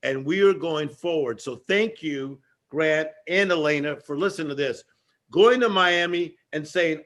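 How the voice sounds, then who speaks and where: Male guest, motivational speaker, emphatic and rhythmic, higher register. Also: unhurried, a bit bright. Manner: preacher-like, emphatic repetition. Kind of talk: energetic motivational talk.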